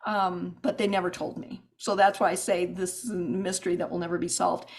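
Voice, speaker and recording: A woman telling stories as a podcast guest, animated and rambling with restarts and asides. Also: on the low side, fairly quick. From United States. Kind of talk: podcast interview storytelling.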